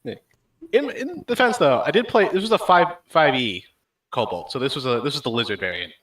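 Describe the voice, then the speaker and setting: A man's voice: mid-range voice, expressive, a little fast, a bit bright, dry recording. A man hosting a casual stream, telling a rambling gaming story with many fillers. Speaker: stream host.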